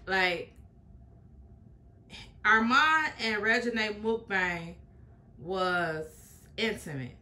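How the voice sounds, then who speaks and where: A woman's voice: medium pitch, animated, extremely slow, pauses often, sharp tone. A woman hosting a reaction video, commenting in a chatty, emphatic way and repeating her points. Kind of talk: casual commentary.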